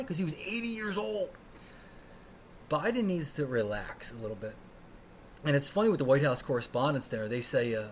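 A man's voice: on the high side, a little hiss or hum. A man in his thirties from the United States, hosting his podcast alone in a profane, sarcastic rant. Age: 30s. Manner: ranting, sarcastic and profane, swinging between mutters and outbursts. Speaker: podcast host.

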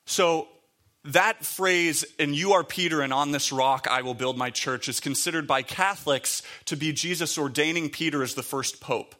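A man's voice: on the high side, moderate pace, bright, forceful tone. A man giving a conversational sermon, reading scripture aloud and explaining it with frequent fillers. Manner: conversational, with many fillers and restarts. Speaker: preacher.

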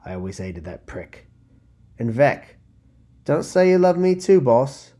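A man's voice: medium pitch, very animated, a little slow, dark tone, voice pushed up. A man voicing a tough, defiant young woman gang leader who talks in coarse slang, curt and grim. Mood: tender.

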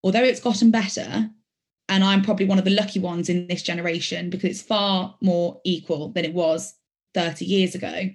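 A woman's voice: on the low side, steady tone, fairly quick. A woman in her late twenties from Birmingham, with a faint Birmingham accent, giving earnest, reflective interview answers as a barrister and sometimes correcting herself mid-sentence. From Birmingham, England. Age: late 20s. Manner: earnest, reflective, with some self-correcting restarts. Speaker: barrister, podcast guest.

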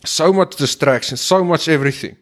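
A man's voice: on the high side, a little fast. A man with a slightly raised voice talks straight at his listeners in an impassioned monologue. He is blunt and preachy, and he swears constantly. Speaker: podcast host.

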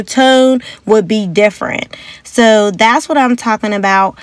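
A young woman hosting a motivational podcast in a casual, chatty and upbeat way, now and then acting out quotes in a higher voice. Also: measured pace, dry recording. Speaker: podcast host.

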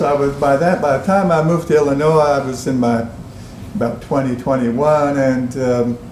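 Man as Lincoln: folksy Southern drawl, halting, slightly high, echoey room. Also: darkish tone, slight background noise, close to an everyday voice. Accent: Southern American. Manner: halting, many fillers and restarts. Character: Abraham Lincoln, middle-aged man, folksy backwoods drawl. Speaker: podcast guest.

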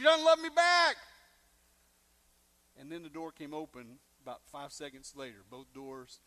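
Brief: male pastor, high-pitched, animated storyteller preaching a sermon. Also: a little slow, long pauses. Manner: animated storyteller, acting out quoted lines with big swings in loudness.

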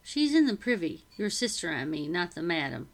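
A woman reading aloud, voicing a bossy, chattering middle-aged housekeeper who scolds in brisk, rough speech. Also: lowish voice, very animated, pitched below the performer's own voice.

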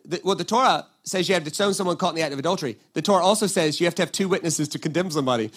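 High-voiced, animated male preacher. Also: racing. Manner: animated storytelling, acts out quotes, frequent "right?" asides. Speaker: pastor. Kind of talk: sermon.

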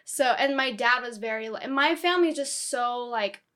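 A woman's voice: fairly high pitch, fairly quick, very noisy. A young woman chatting casually with friends, retelling a movie plot in a giggly, storytelling way. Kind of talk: casual chat.

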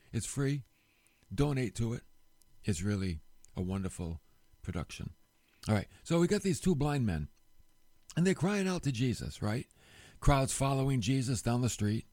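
A man giving a casual sermon, telling a Bible story with rhetorical questions and quick voiced asides. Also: mid-range voice, darkish tone, no echo. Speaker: preacher.

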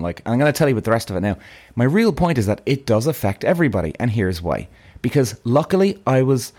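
A young adult man chats straight to camera in a casual vlog, swearing freely and calling his viewers guys. His voice sits at an ordinary middle pitch but swings widely up and down as he gets worked up. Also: a little mellow. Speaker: vlogger.

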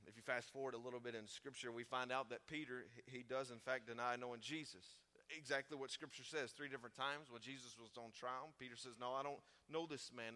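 A man preaching to a church congregation with a bright, forceful voice. He talks in a conversational way, rising to loud emphasis and dropping to hushed tones. His pitch sits in the middle range for a man. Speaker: pastor. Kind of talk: sermon.

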